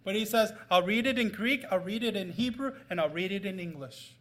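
A middle-aged man preaching a sermon, telling a story with loud emphasis and quiet asides. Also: high voice, brisk. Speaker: pastor.

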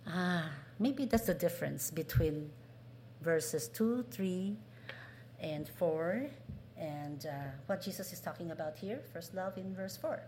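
A woman's voice: lowish voice, expressive, slow, a little mellow, slight background noise. A woman preaching a sermon, asking the congregation questions and acting out what people say. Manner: asks the congregation questions, acts out quoted voices.

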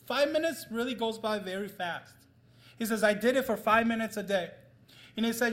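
A middle-aged man preaching a sermon, telling a story with loud emphasis and quiet asides. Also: very high-pitched, moderate pace. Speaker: pastor.

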